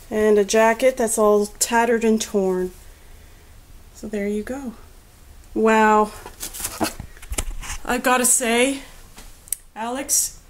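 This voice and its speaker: A woman vlogging about a doll she was given, chatty and gushing with emotion, on the edge of tears. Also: a little high. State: teary. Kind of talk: casual doll review vlog.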